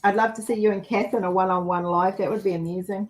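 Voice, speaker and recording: A woman's voice: medium pitch, steady tone, fast talker, darkish tone, poor audio. A woman chatting frankly on a livestream and laughing easily. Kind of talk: casual livestream chat.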